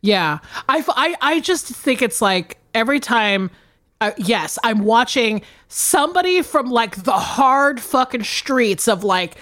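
A woman with a fairly high, fairly bright voice co-hosts a podcast, recorded in studio quality with no echo. In casual chat she swears playfully, repeats herself and often restarts her sentences.

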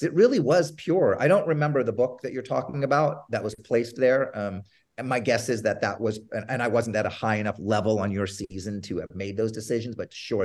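A man, a TV producer as a podcast guest, telling stories and acting out old phone calls. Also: on the low side. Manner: animated storyteller, acts out phone calls. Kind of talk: casual interview storytelling.

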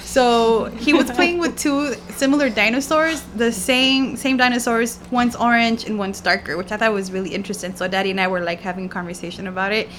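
A woman with a slightly high voice tells a story to friends. She acts out the dialogue as she goes. She laughs along with her own story. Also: fairly even intonation, brisk, few pauses, fairly bright tone, slight background noise. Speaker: mother of a toddler. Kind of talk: casual group chat.

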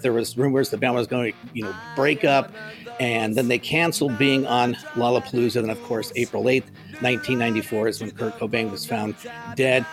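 A man hosting a music podcast, chatting casually and telling stories about concerts he remembers. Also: medium pitch. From Phoenix area, United States. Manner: relaxed storytelling, reminiscing. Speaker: podcast host.

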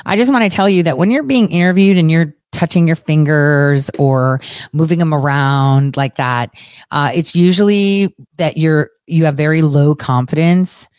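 A young woman giving a profane, sarcastic political rant in an animated, fast-shifting voice. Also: sits low, clean tone, no room sound, studio quality. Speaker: political commentator. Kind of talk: ranting commentary.

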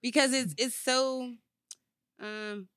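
A woman's voice: a little high, steady tone, a crowd in the background. A woman co-hosting a casual chat, chiming in often and talking things through. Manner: chatty, quick to chime in.

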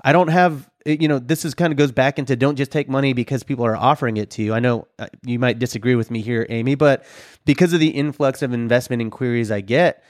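A man hosting an interview, chatting in a relaxed, conversational way. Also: mid-range voice, quick pace, no echo, clean studio sound. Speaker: host. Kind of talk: casual interview chat.

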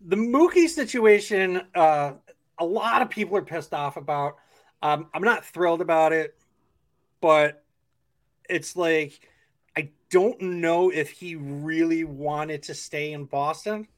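A man's voice: on the high side, slow pace. A man hosting a sports podcast, chatting casually and asking questions with lots of fillers and restarts. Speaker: podcast host.

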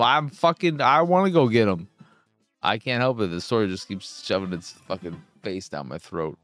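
A man giving casual, profane let's play commentary, excitable and thinking out loud as he plays. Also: fairly low pitch, normal speed, no echo, faint music behind. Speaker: gaming streamer.

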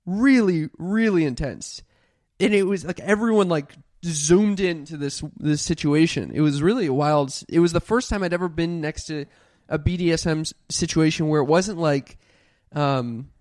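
A podcast co-host telling a story in casual chat, animated and full of restarts and "like". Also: mid-range voice, moderate pace, no room sound, studio quality.

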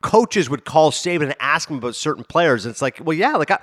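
A man rattles off quick, joking remarks as a sports podcast co-host. He talks fast, and his voice sits a little high. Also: animated, a bit bright. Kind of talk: casual sports podcast chat.

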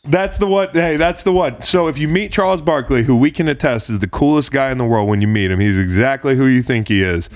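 A man's voice: medium pitch, a little fast, hardly any pauses, no room sound. A younger male host chats with a guest and asks eager, playful questions, laughing easily. His voice is recorded up close and dry, with little room sound. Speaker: podcast host. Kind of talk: casual interview chat.

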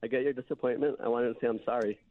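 Fast-talking male caller on a phone line. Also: medium pitch, fairly even intonation, no echo. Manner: joking, teasing. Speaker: radio caller. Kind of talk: casual call-in chat.

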